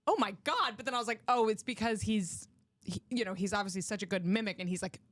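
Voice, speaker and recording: A woman's voice: mid-range voice, quick pace. A woman co-hosting a casual podcast, telling stories in a wry, laughing way. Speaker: podcast co-host. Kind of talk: casual chat.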